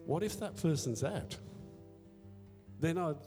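A church elder's warm, slightly high voice moves slowly but with lively intonation as he speaks at a service in a church hall. Candid and self-deprecating, he shares a personal faith story with quoted inner dialogue, recorded amid echo and faint music.

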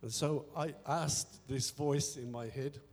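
A man's voice: medium pitch, steady tone, slow, a little mellow. Self-deprecating man telling his testimony in a church. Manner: candid, self-deprecating storytelling with quoted inner dialogue. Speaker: church elder. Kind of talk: personal testimony in a church service. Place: church hall. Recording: echoey hall with faint music.

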